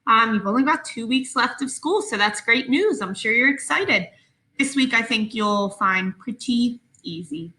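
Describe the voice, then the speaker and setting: A woman teacher giving a recorded phonics lesson to her class, speaking slowly, clearly and patiently. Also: on the high side, lively intonation, pushed and bright, echoey room, low-quality recording.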